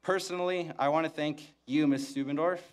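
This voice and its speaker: A young man speaking from a podium as valedictorian, with a monotone delivery and deadpan, self-mocking humor. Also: a little high, brisk, slight background noise. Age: young adult. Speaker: valedictorian giving a graduation speech. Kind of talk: graduation speech. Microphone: podium microphone.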